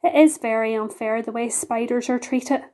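A woman's voice: a little high, normal speed, mellow, close to an everyday voice. A woman voicing a sad, dignified lady spider who speaks in sighs. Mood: mournful. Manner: sighing, mournful.

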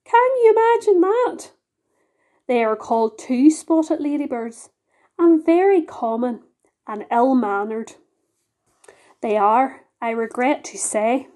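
A woman's voice: high voice, lively intonation, takes it slowly, long pauses, warm tone. A woman voicing a modest but proud female ladybird with a genteel, prim manner.

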